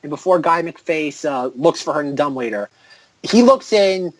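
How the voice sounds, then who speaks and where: A man's voice: fairly high pitch, animated, normal speed, no echo, poor audio. A man co-hosting a film podcast, recapping scenes in a rambling, casual way with lots of fillers and mocking quoted lines. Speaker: podcast co-host. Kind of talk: casual chat.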